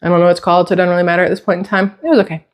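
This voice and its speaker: A woman's voice: lowish voice, flat delivery, racing. A middle-aged woman vlogging casually from her home kitchen, rambling off on tangents and swearing lightly. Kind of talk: casual chatty vlog.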